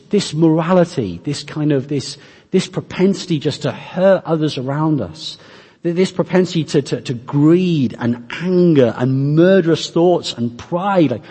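A man preaching a sermon, earnest and emphatic, speaking directly to his congregation with slow, stressed phrases. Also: sits high, darkish tone, in a large hall.

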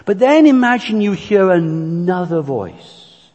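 High-voiced slow preacher in echoing hall. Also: male voice, lively intonation, a little mellow, muffled recording. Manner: earnest, deliberate, illustrative. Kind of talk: sermon. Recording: long church reverb.

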